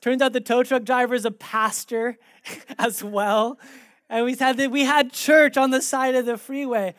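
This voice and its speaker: A man's voice: very high voice, fairly even intonation, moderate pace, a bit bright, no room sound, studio quality. A man preaching a sermon in a conversational, storytelling way, animatedly acting out the dialogue in his stories. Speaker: pastor.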